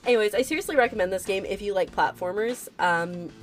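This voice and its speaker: A woman's voice: mid-range voice, expressive, normal speed, faint music behind. A woman chatting casually and giggling while streaming a video game. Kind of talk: casual live-stream gameplay chat.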